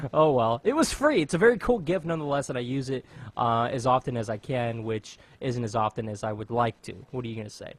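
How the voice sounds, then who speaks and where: A man's voice: mid-range voice, lively intonation, brisk, no room sound. A man with an American accent hosting a podcast, rambling and joking at his own expense in a casual chat. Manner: rambling, joking, self-mocking. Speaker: podcast host.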